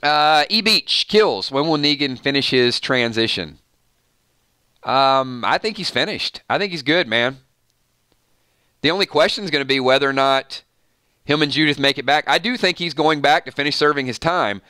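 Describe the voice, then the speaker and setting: A man's voice: on the high side, expressive, normal speed, pushed and bright, clean tone, dry recording, studio quality. A man hosting a casual live stream, reading viewer comments aloud and answering them in a laid-back way, often calling people "man". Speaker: host reading live chat.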